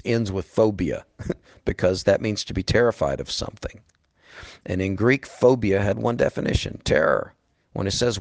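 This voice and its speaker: A man's voice: on the low side, gravelly, no room sound. A middle-aged man preaching a sermon in an earnest, emphatic way, calling his listeners "beloved".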